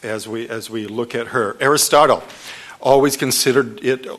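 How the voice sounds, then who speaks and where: A man in his sixties from Detroit, an author telling a story at a public book talk, lively, laughing often, restarting his phrases. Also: medium pitch, normal speed. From Detroit, USA.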